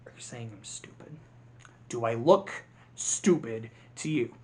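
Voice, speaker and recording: A vlogger imitating a menacing male grasshopper villain from an animated film, in a low, hushed, sneering whisper delivered slowly. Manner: slow, threatening, sneering.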